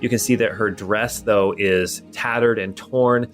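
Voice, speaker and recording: Male game master, low voice, loose descriptive narration. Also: fairly even intonation, unhurried, soft background music. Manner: descriptive, loose, many fillers.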